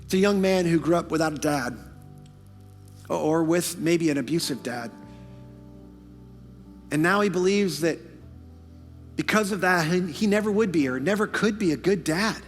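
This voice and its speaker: A man pastor preaching in a church sanctuary, his voice pitched high. He moves between hushed, intimate lines and fervent bursts with rapid asides. The long reverb of the hall carries him over faint music. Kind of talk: sermon.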